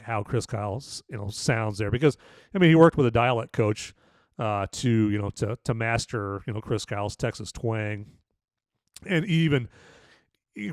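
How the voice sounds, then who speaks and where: A man's voice: mid-range voice, no echo. A man with a mid-range voice casually talks through a film review, rambling and looping back with filler phrases. The recording is dry and close-miked, with no room sound. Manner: rambling, full of "you know" and restarts. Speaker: podcast host and movie reviewer.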